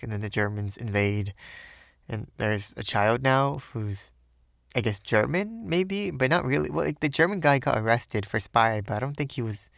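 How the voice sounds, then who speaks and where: A man's voice: lowish voice, creaky, a bit bright, no room sound, studio quality. A man reading an audiobook aloud, then chatting casually and rambling about it afterward. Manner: rambling, self-deprecating chat in the afterword. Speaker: audiobook reader.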